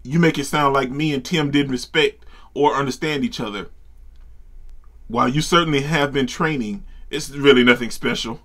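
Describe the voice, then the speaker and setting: A man reading as a calm menacing bear brute. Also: mid-range voice, moderate pace, natural voice. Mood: offended. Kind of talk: reading anime subtitles aloud.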